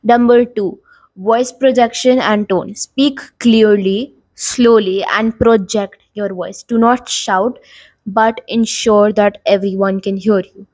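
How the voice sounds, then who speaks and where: A woman's voice: mid-range voice, steady tone, slow, darkish tone, dry recording. A young woman hosting a tutorial video, explaining tips casually to the camera with frequent filler words. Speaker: YouTube host giving tips. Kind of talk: talking-head tutorial.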